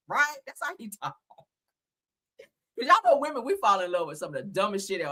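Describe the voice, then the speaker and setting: Brief: woman in her thirties, gossip host, bright lively voice, blunt and profane, quick to laugh. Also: a little high. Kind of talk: casual gossip commentary.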